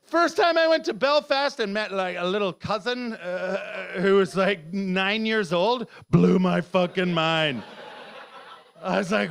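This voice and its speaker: A man's voice: high voice, unhurried, creaky, fairly bright tone. A man doing surreal stand-up comedy and chatting about his set, absurd and sweary. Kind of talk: surreal stand-up with interview chat.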